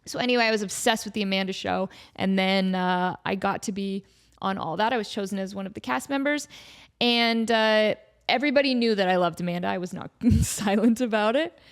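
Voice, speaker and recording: She's in her thirties and hosts her own podcast, speaking a little fast in a smooth, mid-range voice. The chat is casual and bubbly, heavy on "like" and playful asides, with excited voices popping up during stories.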